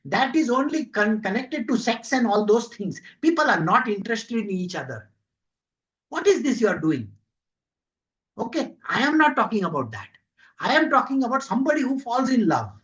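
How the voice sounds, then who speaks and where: A man's voice: very high voice, big pitch swings, normal speed, fairly bright tone. Male spiritual teacher, conversational devotional talk, lo-fi recording. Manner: conversational, full of rhetorical questions and acted-out quotes.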